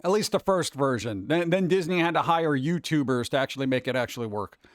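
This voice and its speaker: A man's voice: a little high, lively intonation, a little fast, no room sound, clean studio sound. A man hosting a casual live stream, chatting with his viewers in a rambling, jokey way and jumping from topic to topic. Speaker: cartoon creator and streamer host. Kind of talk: casual chat with a live chat audience.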